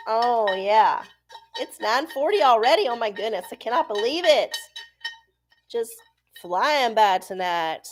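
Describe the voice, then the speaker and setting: Woman streamer, slightly high voice, loose and profane, laughs a lot. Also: animated, measured pace, soft background music. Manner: profane, laughing, chatty with viewers. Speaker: livestream host. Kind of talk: casual live-chat talk.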